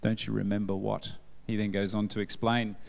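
A man's voice: fairly low pitch, level tone, brisk, gravelly, in a large hall. A man preaching at a church service, joking and quizzing the congregation as he goes. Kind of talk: sermon.

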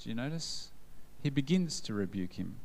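Brief: male preacher, mid-pitched voice, humorous, quizzes his congregation. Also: sing-song, normal speed, a little mellow, long reverb tail. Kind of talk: sermon. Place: church service.

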